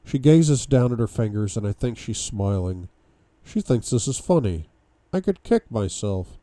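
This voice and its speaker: A man reads a novel aloud in a deep, very dark and mellow voice, lending the first-person lines dramatic bursts of force. The recording is dry and close, with no room sound. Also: animated, a little slow, few pauses, no room sound. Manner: dramatic first-person reading with sudden outbursts. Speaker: book club reader.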